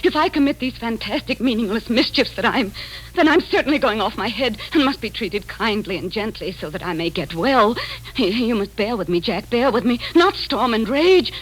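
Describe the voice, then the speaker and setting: An actress playing a frightened, fragile Victorian wife in 1940s radio acting style, with breathless, pleading and tremulous speech. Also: female voice, fairly high pitch, animated, normal speed, slightly rough, rough recording.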